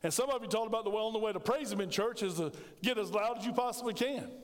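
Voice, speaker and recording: A middle-aged man preaches to his congregation, his voice pitched notably high. He tells stories with animation and banters with the people in the pews. The sound carries a long reverb from the sanctuary. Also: fast. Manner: storytelling, animated, jokes with congregation. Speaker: pastor. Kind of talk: sermon.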